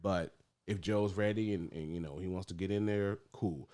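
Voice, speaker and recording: A man with a lowish voice in relaxed podcast talk, ranting about football. He gets animated, swears freely and laughs often. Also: moderate pace. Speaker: podcast co-host. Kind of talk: casual sports chat.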